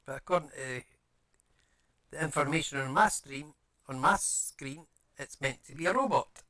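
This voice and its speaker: A man's voice: medium pitch, moderate pace, a crowd in the background. Man muttering while building a model. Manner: mutters to himself while fiddling with small parts, chatty aside to viewers. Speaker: live streamer building a model kit. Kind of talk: casual live-stream chat while working. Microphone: streaming mic with adjustable audio settings.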